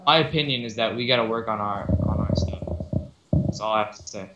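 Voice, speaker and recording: A man's voice: lowish voice, brisk, highs cut off, loud music behind the voice. A man in casual multiplayer gaming chat, talking in a plain, insistent way. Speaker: game player. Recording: roomy echo.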